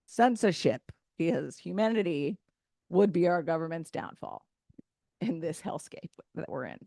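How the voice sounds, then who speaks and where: Brash loud woman doing stand-up. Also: on the low side, lively intonation, measured pace, gravelly, dry recording, clean studio sound. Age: 30s. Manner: loud, brash, opinionated delivery. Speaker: stand-up comedian. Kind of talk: stand-up set. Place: event stage.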